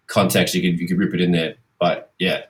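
A man's voice: low voice, flat delivery, brisk. A young Australian man co-hosting a podcast, chatting in a rowdy, loose way with crude slang and bursts of laughter. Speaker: podcast co-host. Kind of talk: casual podcast chat.

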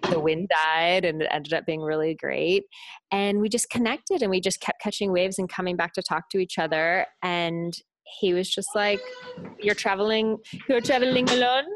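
A woman in her late thirties, a guest telling a personal story with lively energy and acting out other people's voices. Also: on the low side, normal speed. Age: late 30s.

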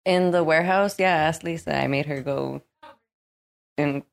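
Low, gravelly-voiced woman guest. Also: normal speed. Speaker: podcast guest. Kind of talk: casual podcast chat.

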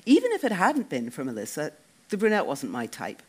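A man reading a first-person novel, wry and expressive. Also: on the high side, brisk. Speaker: audiobook narrator.

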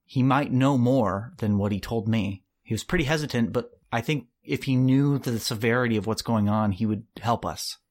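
A man's voice: medium pitch, moderate pace, hardly any pauses, darkish tone, natural voice. A man voicing an earnest, cautious man who reasons carefully to win others over.

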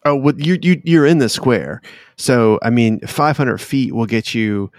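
A man's voice: medium pitch, unhurried, no room sound, studio quality. A man narrating as game master of a tabletop game, talking hesitantly with many fillers.

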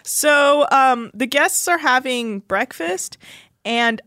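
A woman with a fairly high, very lively voice trades blunt, sardonic remarks in casual chat. She recaps a show as a podcast co-host and swears freely. Her voice sounds close and dry in the studio. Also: slow, no room sound.

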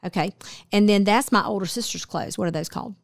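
A woman's voice: mid-range voice, fast, vocal fry, no room sound, clean studio sound. A woman co-hosting a casual radio talk show, chatty and teasing as she quizzes her co-host.

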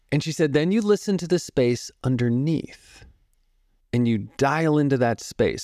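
A man in his fifties, a podcast guest, telling stories about music and meditation in a calm, reflective way and explaining through analogies. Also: medium pitch, dry recording, studio quality. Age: 50s. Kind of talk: storytelling interview talk.

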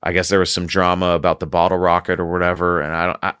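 A man's voice: sits low, flat delivery, quick pace, a bit bright, clear, resonant tone, dry recording, clean studio sound. A man hosting a casual podcast, telling a long story in a rambling way and laughing often. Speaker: podcast host.

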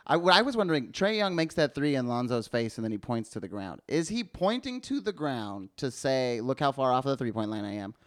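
A man co-hosting a casual sports podcast, talking in an animated, chatty way and laughing often. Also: medium pitch, brisk, hardly any pauses. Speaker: podcast co-host.

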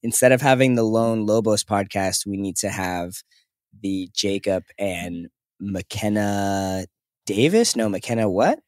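A man's voice: on the low side, slow, a little mellow, dry recording, clean studio sound. A man co-hosting a casual podcast from a hotel room, joking, laughing often and swearing casually. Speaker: podcast co-host.

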